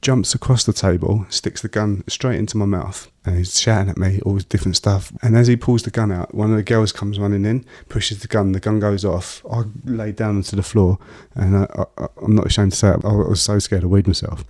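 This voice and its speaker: Deep, flat-voiced man recounting his past. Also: dry recording, studio quality. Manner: halting, many fillers and restarts. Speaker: guest. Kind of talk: personal storytelling in an interview.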